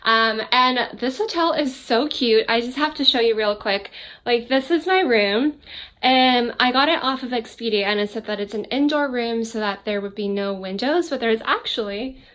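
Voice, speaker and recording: A young woman with a slightly high voice talks straight to a handheld camera in a casual travel vlog. She rambles easily and fills her sentences with likes and ums. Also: normal speed, a bit bright. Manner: chatty, lots of likes and ums. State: out of breath from walking uphill. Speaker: travel vlogger.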